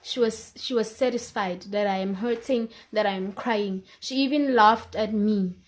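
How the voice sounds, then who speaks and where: A woman's voice: mid-range voice, normal speed. A young woman with a South African accent telling a personal story in a vlog, emotional and repetitive, slipping isiZulu words into her English. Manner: emotional, repeats phrases, mixes in isiZulu words. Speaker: vlogger. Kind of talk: personal life-update storytelling.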